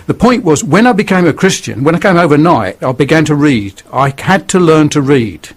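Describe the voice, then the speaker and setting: A man's voice: a little high, expressive, moderate pace. An older man with a northern English accent, telling his life story bluntly and earnestly as a radio guest. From northern England. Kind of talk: testimony on radio.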